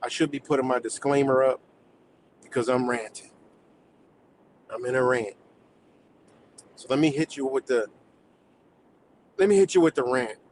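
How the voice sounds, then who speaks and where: A man's voice: mid-range voice, fairly even intonation, normal speed, long pauses, darkish tone, slight background noise, low-quality recording. A man hosting a livestream, delivering a heated, profanity-filled rant in streetwise slang. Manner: heated, swearing, streetwise slang, laughs between points. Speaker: livestream host.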